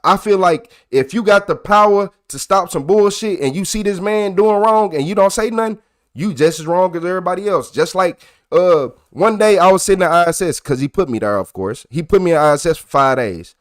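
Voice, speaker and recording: A young man with a high-pitched voice talks straight to his livestream chat, swearing freely. He grows loud and animated as he recounts his grievances, then drops back into an easy, casual tone. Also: fairly quick. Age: young adult. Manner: animated, profane, gets loud and worked up while retelling. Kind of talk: casual storytelling to a live chat.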